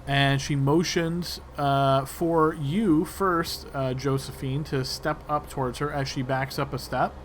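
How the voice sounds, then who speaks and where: A man running a tabletop game as game master, narrating in a relaxed way with fillers. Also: medium pitch, takes it slowly, few pauses, faint music behind. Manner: relaxed, describing actions with fillers.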